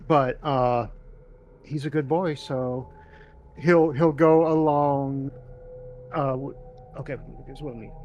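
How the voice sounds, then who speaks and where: Slow, hesitant player. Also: male voice, medium pitch, fairly even intonation, a little mellow, muffled recording, slight background noise. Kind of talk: playing a tabletop game.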